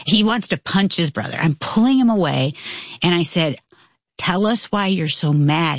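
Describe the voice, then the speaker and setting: A mother in casual conversation, telling a family story and getting animated when quoting her children. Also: on the low side, normal speed, no room sound, clean studio sound. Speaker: podcast co-host, mother.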